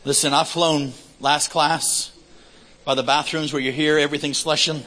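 A man telling a lively, comic testimony story in a sermon, acting out the people in it. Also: fairly high pitch, normal speed, slight background noise, low-quality recording. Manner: animated, comic storytelling with acted quotes.

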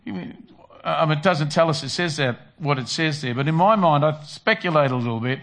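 A man's voice: on the high side, lively intonation, brisk, a bit bright. Man preaching a conversational sermon. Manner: conversational, acts out quoted prayers and disciples. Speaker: pastor.

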